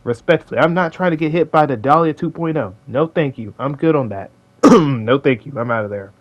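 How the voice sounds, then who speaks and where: A man's voice: a little high, animated, a little fast, highs cut off. Rambling casual young man. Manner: rambling, casual slang, many fillers. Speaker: video host. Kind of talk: casual commentary video.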